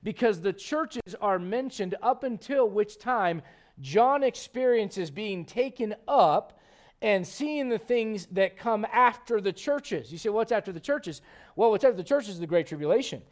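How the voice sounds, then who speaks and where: High-voiced preacher firing questions at his flock. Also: unhurried. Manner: lively preaching with rhetorical questions to the congregation. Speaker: pastor. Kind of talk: sermon. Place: church sanctuary.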